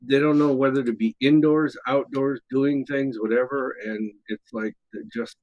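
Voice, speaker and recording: A man's voice: mid-range voice, steady tone, normal speed, no room sound, muffled recording. A man from Washington state hosting a live psychic call-in show, chatting casually and reading out listener comments. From Washington state, USA. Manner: rambling, reads listener comments aloud. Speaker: psychic radio host.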